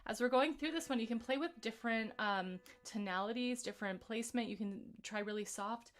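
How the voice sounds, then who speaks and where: A woman vocal coach leading a live-streamed singing warm-up, explaining exercises in a relaxed, chatty way between scales. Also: fairly high pitch, a little fast, hardly any pauses, faint music behind.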